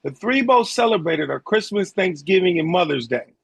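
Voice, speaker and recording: A doctor on a radio panel reads out survey figures in a high, gravelly voice with a husky edge. He sounds close and dry. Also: animated, normal speed, no echo. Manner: presenting survey data. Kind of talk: casual radio panel talk.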